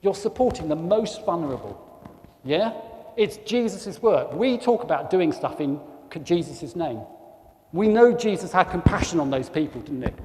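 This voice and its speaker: A man's voice: fairly high pitch, lively intonation, moderate pace, darkish tone. A man with a South East English accent giving an informal talk to a church congregation as a guest speaker, chatty and forever asking the room tag questions. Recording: long church reverb, faint noise.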